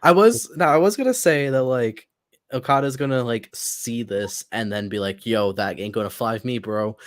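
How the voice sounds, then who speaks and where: A man's voice: mid-range voice, normal speed, no echo. A man co-hosting a wrestling podcast, chatting casually and laughing. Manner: laughing, acts out quoted lines. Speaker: podcast co-host. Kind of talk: casual chat.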